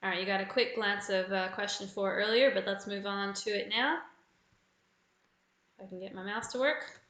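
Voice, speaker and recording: An Australian woman runs a live trivia night online, reading out questions slowly and saying each clue twice. Her voice is bright and clear, and it rings in a roomy, echoey space. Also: medium pitch. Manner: reads clues slowly and repeats them. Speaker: quiz host. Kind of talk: live online pub quiz hosting.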